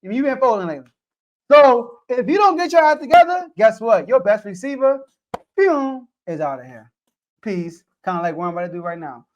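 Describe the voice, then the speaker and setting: A man's voice: very high-pitched, very animated, a little fast, slight background noise. A man from the United States hosting a sports podcast, debating casually and animatedly and talking straight to the players.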